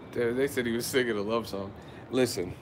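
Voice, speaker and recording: A man in a hotel room doing a casual, hyped-up boxing vlog rant, brash and teasing, swearing freely and swinging between loud hype and low muttering. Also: normal speed, slight background noise. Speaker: boxing commentary vlogger.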